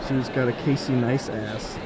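A young man and vlogger joking in a deadpan, mock-earnest way at a busy convention. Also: medium pitch, moderate pace, heavy background noise. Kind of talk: joking casual vlog banter. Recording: loud crowd chatter behind.

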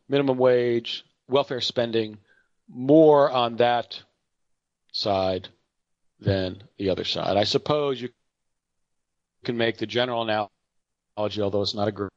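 A man's voice: mid-range voice, dry recording, lo-fi sound. A middle-aged man giving an unscripted market commentary, rambling and correcting himself with chatty asides and anecdotes.

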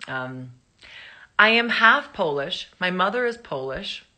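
Low voiced woman on a phone live stream, bright tone, chatty, laughs a lot. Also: big pitch swings, takes it slowly. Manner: chatty, rambling, laughs and puts on voices for anecdotes. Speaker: actress answering fans on a live stream. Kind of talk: casual live-stream chat.

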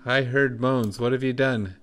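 A suspicious farmer questions a stranger in a mildly accusing tone, as a man reads him out. The voice stays everyday and unhurried, barely shifted from the reader's own. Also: medium pitch, fairly even intonation, a bit bright, faint music behind, lightly acted. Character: suspicious adult male farmer.

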